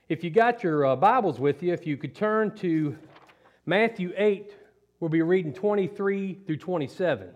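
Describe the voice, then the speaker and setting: A man's voice: high voice, animated, normal speed. A man preaching a sermon at home, telling folksy stories and leading a prayer. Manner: folksy, conversational storyteller. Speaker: lay preacher. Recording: dull lo-fi sound.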